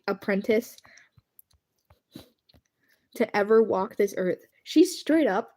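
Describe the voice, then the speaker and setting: Giggly high-voiced woman streamer. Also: a little mellow. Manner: giggly, rambling, often thanks viewers. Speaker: livestreamer. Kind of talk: casual livestream chat while drawing.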